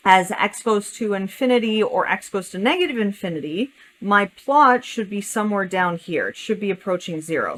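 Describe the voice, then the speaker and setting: A woman's voice: mid-range voice, a bit bright, slight background noise, rough recording. Woman talking through a calculus sketch. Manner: thinking aloud while drawing, self-correcting. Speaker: math teacher. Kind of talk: step-by-step calculus lesson.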